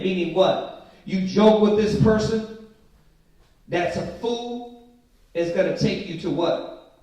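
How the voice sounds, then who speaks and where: A man teaching a Bible study, reading scripture slowly and with emphasis, then breaking into casual, slangy commentary. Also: sits high, mellow. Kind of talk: informal scripture study sermon. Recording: very echoey room from a distant mic.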